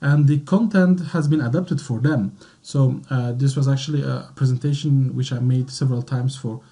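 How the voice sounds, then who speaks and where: Mellow-voiced man presenting a webinar. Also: medium pitch, moderate pace. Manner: hesitant, many fillers. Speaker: guest presenter.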